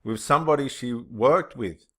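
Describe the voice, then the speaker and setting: A man, a channel host reading viewer comments and answering them in an impassioned, emphatic way. He swings between loud preaching and muttering to himself. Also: mid-range voice, normal speed.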